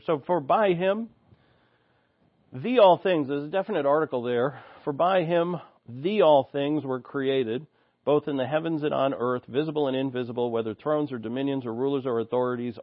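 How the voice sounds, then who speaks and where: A man's voice: medium pitch, a little fast, hardly any pauses, no room sound, phone-quality sound. Earnest preacher man teaching scripture. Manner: earnest teaching, reads scripture aloud then explains it. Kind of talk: expository sermon.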